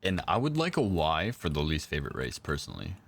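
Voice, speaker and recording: A man's voice: extremely low pitch, wildly swooping pitch, fast talker, creaky, a bit bright. A young man chatting casually with viewers while he plays, laid-back and slangy. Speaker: game streamer. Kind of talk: casual live-stream chat.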